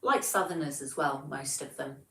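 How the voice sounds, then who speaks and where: A livestream host from England in her forties, with a Devon accent, chats casually and reads viewer comments in a self-deprecating way. She talks at normal speed in a low-pitched, sharp-toned voice, captured by a distant mic in a reverberant space with poor audio.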